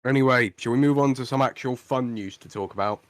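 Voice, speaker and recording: A man's voice: mid-range voice, quick pace, no room sound, studio quality. A young man co-hosting a podcast, telling the story with energy, swearing and mimicking the people in it. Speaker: podcast co-host. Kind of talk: casual chat.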